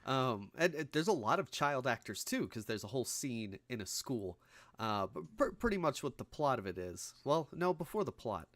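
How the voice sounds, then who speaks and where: A man's voice: mid-range voice, very animated, normal speed, fairly bright tone, no echo. A man co-hosting a podcast, talking loosely through a film discussion with plenty of fillers and restarts and frequent laughter. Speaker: podcast co-host.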